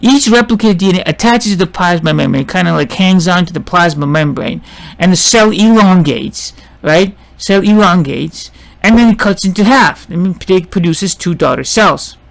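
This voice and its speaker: Gravelly-voiced man lecturing haltingly. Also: sits high, animated. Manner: halting, with many restarts and rhetorical questions; checks in with "see?" and "right?". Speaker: biology teacher. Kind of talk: informal classroom lecture.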